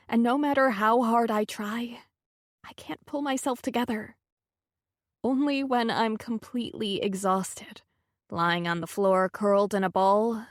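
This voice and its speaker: Slow, soft-spoken woman narrator. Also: mid-range voice, no echo, clean studio sound. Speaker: audiobook narrator. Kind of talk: scripted first-person narration.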